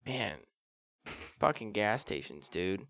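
A man's voice: fairly low pitch, sing-song, takes it slowly, fairly bright tone, dry recording. A young man co-hosting a podcast, easygoing and profane, saying "dude" and "man" a lot. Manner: laid-back, profane, uses "dude" and "man". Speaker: podcast co-host. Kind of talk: casual podcast banter.

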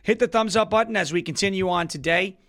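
A man hosting a political livestream, ranting in an emphatic, mocking way with a worn-out, hoarse voice. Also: high voice, fast, a bit bright.

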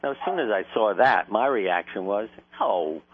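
Deep-voiced man on a phone line. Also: lively intonation, fairly quick. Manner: anecdotal, earnest, laughs while telling stories. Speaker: doctor, interview guest. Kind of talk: conversational storytelling. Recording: tinny phone-line sound with faint noise.

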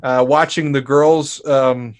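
In a slow-paced, medium-pitched voice, a man on a laid-back podcast tells a comedic tale as co-host. Swearing without restraint, he animatedly and loudly performs the things people said.

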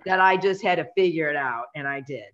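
A middle-aged woman, a real estate coach and podcast co-host, telling a story with animated, dramatic energy and acting out quotes. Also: low voice, fairly quick, over a noisy crowd. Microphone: remote call connection. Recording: dull lo-fi internet call audio.

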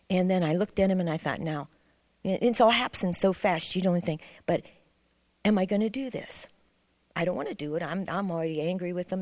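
A woman's voice: on the low side, darkish tone, dry recording. A middle-aged woman earnestly telling a rambling personal testimony in a church class. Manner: rambling, earnest storytelling with restarts. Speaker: class member sharing a testimony.

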